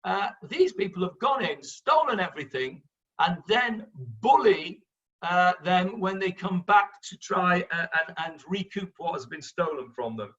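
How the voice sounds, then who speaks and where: A man teaching a Bible class as a rabbi, explaining the text in lively fashion and acting out what the characters say. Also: high-pitched, a little slow, highs cut off. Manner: lively, acts out voices of the characters, interrupts the reader.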